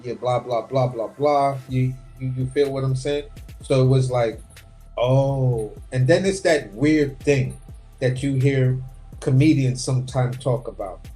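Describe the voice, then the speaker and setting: An animated man cohosting a casual boxing live stream, cursing freely and dropping into quick impressions. His voice sits at an ordinary middle pitch. Faint music plays behind him. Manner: animated, profane, slips into impressions. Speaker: boxing commentary co-host.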